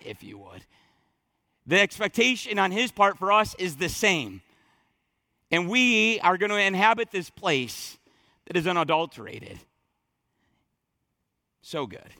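A male pastor delivers a sermon in a high, bright voice, talking casually and restarting phrases as he goes. The sound is dry and close, with little room around it. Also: vocal fry, no room sound. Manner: conversational preaching with frequent restarts and asides.

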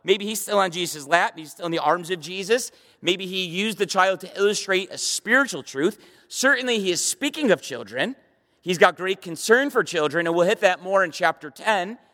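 A man's voice: sits high, lively intonation, normal speed, bright, forceful tone. A middle-aged man preaching a sermon to a live audience in a church hall, emphatic, stumbling over repeated words and firing rhetorical questions at the room. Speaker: pastor.

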